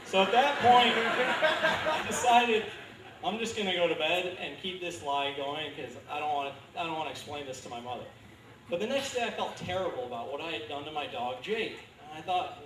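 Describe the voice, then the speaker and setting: Deadpan stand-up man in his thirties. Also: on the high side, a little hiss or hum. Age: 30s. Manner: deadpan dark one-liners, dry delivery. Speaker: stand-up comedian. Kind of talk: stand-up comedy set. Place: comedy club stage. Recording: echoey club recording from far off.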